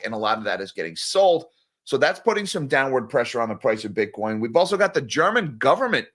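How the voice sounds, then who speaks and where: A man's voice: a little high, a bit bright. A man hosting casual daily market news commentary, blunt and conversational, addressing viewers directly.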